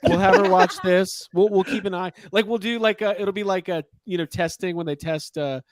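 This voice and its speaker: A man's voice: high voice, a little fast, crowd noise. A man hosting a casual toy-collecting podcast, rambling with lots of fillers and jokes. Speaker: host.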